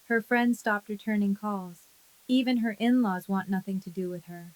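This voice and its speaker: A woman voicing a gentle middle-aged aunt who speaks softly and with regret. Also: mid-range voice, steady tone, normal speed, no room sound, lightly acted, rough recording. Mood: rueful. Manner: soft, rueful.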